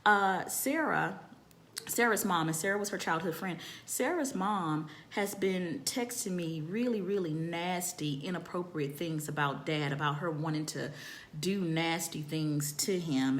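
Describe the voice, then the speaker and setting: A woman telling a personal story in a candid, animated and profane way, often repeating phrases for emphasis. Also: on the low side, moderate pace. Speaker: storytelling vlogger.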